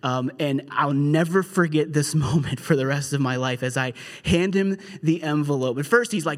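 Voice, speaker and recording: A young adult man preaching a sermon in a conversational, storytelling way, with animated asides. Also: on the high side, moderate pace. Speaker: pastor.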